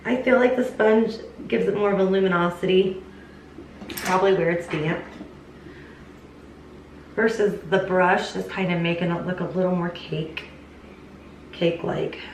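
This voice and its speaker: A woman's voice: lowish voice, steady tone, moderate pace, pauses often, recorded from a distance. A young woman casually reviewing makeup for her channel, chatty and enthusiastic, talking straight to her viewers. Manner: chatty, enthusiastic, addresses viewers as "you guys". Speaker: beauty vlogger. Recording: echoey room, voice a little off-mic, faint hiss.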